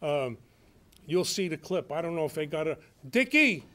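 Animated man telling stories. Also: fairly high pitch, moderate pace. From Brooklyn, New York. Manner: animated, acts out quoted voices. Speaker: guest actor and nightclub comic. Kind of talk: radio show storytelling.

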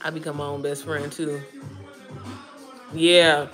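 A woman in her thirties chatting casually to her viewers, animated and talkative, calling them girl and baby. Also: deep voice, slow pace, faint music behind. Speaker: vlogger talking to viewers while cooking. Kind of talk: casual chat.

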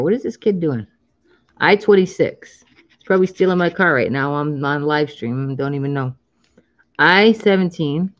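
A woman's voice: deep voice, expressive, moderate pace, dull audio. A woman in her thirties chatting casually on a live stream while scratching lottery tickets, drawing out the numbers she calls and laughing often.

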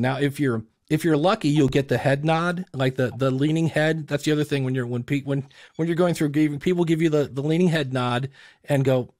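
A man chatting on a podcast, his voice sitting a bit high as he bounces through anecdotes. He acts out little quoted exchanges with energy. The sound is dry and close. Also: normal speed, dry recording. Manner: animated storyteller acting out quotes. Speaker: podcast guest and coach. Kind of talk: casual podcast chat.

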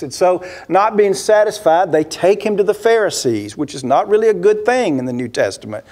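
A man's voice: high-pitched, sing-song, normal speed, a little mellow. Man preaching a storytelling sermon. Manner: storytelling, rhetorical questions, acts out quoted voices. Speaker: pastor. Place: church sanctuary.

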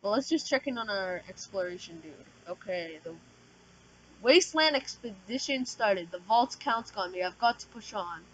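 A woman giving casual, slangy gameplay commentary as a channel host, talking loudly and excitably. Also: mid-range voice, normal speed, dull audio. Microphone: desk microphone.

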